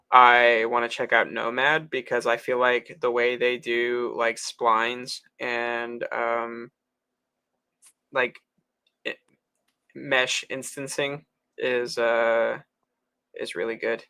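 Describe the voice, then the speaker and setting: Man, casual livestream chat, slow and drawn out, gravelly, frequent fillers. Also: medium pitch, completely flat delivery, pushed and bright. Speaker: livestream co-host sculpting. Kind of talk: casual chat while digital sculpting.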